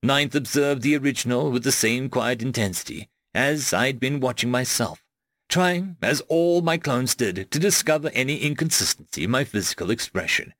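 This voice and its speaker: A man narrating a first-person fiction audiobook in a measured, expressive storytelling manner. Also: mid-range voice, no echo.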